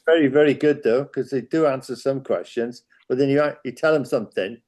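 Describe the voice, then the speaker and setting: A man's voice: medium pitch, a little fast, darkish tone. An older man chatting bluntly and dismissively with friends. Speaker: regular of the group chat. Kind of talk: casual chat among friends.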